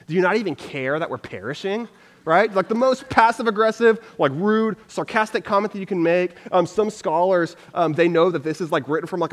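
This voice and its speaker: A man giving a casual conversational sermon, energetic and loose, scattering "like" through his talk. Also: high voice. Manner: energetic, loose, full of "like" fillers. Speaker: preacher. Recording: long reverb from a hall.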